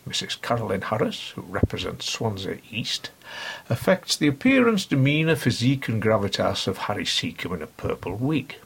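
A man's voice: lowish voice, sing-song, normal speed, vocal fry, a bit bright, a little hiss or hum. A middle-aged man hosting a podcast, reading a scripted satirical review in a dry, sardonic, mock-pompous manner. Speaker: podcast host.

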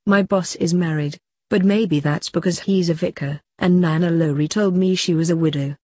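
A woman voicing a sincere, gentle young woman who answers questions matter-of-factly. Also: lowish voice, steady tone, normal speed, no echo, clean studio sound, natural voice.

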